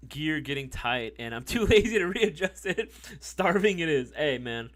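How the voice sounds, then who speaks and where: A man's voice: a little high, very animated, moderate pace, a bit bright. A man in his thirties chatting casually on a live stream, reading the chat, laughing often and calling people "bro" and "dude.".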